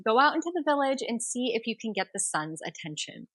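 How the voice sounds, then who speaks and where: A woman's voice: on the high side, big pitch swings, fairly quick, a bit bright, no room sound. A woman doing a scolding village family. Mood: indignant. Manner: scolding, indignant. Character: stern disapproving village family.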